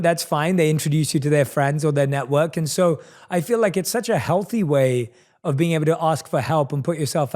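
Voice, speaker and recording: A man's voice: a little high, darkish tone. A man hosting a podcast interview, enthusiastic and affirming as he asks questions. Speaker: podcast host. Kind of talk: conversational interview.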